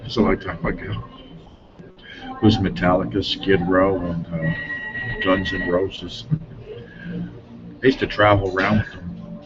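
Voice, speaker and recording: Middle-aged man, low voice, rambling interview anecdotes with frequent chuckles. Dull lo-fi recording, music clearly behind him. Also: level tone, measured pace, long pauses. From Denver, Colorado. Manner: rambling, chuckles often, trails off mid-sentence. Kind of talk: rambling casual storytelling.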